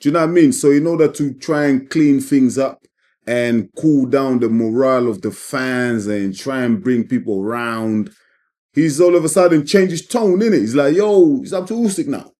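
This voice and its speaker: A man's voice: mid-range voice, moderate pace, a little mellow. A man giving emphatic, repetitive opinions in a casual commentary vlog. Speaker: boxing commentator.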